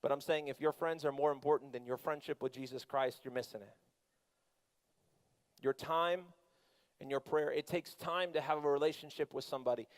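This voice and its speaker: A middle-aged man, a youth pastor, preaching a sermon and telling a family story in an animated, conversational way with quick asides. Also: a little high.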